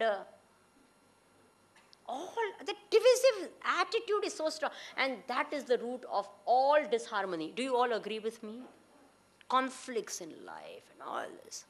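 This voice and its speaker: Lively high-voiced Indian woman lecturing. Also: normal speed. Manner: asks the audience questions, mixes in Hindi and Gujarati. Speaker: speaker giving a talk. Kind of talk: lecture to an audience.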